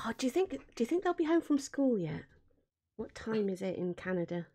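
A woman streamer talks over her game, high-pitched and wildly lively, swinging up and down as she chats. She giggles often and gasps when something surprises her. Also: moderate pace, breathy edge. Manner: giggly, excitable, gasping. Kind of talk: casual game stream chat.

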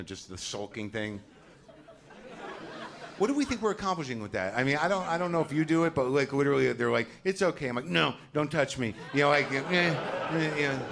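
A man's voice: medium pitch, background noise. Neurotic ranting man doing stand-up. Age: 40s. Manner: neurotic, ranting, acts out voices. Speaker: stand-up comedian. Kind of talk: stand-up comedy set. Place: comedy club stage before a live audience.

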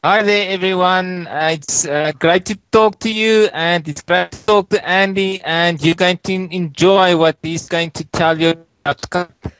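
A man from South Africa, a guest on the call, greeting listeners in a friendly, halting way. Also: high-pitched, steady tone, a bit bright, smooth, no room sound, low-quality recording. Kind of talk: casual chat on a call. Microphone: computer mic on a call.

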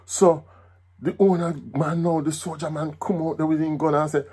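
A Jamaican man telling a folk story in patois, with a lively, animated delivery. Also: a little high, normal speed, slightly rough.

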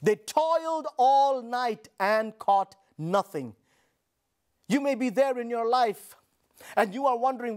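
A male pastor preaching a sermon in an emphatic, repetitive style, calling on the congregation to repeat his words and sometimes shouting. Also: very high voice, lively intonation, slow, clear, resonant tone.

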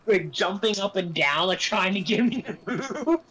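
A woman gaming on stream, chatting casually and telling an animated story. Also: mid-range voice, normal speed, a crowd in the background, low-quality recording. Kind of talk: casual chat while gaming.

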